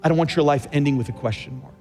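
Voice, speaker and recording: Emphatic middle-aged male pastor, fairly high voice, sermon in a reverberant sanctuary with faint music. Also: a little mellow. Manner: emphatic, rising and slowing for key phrases. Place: large church sanctuary.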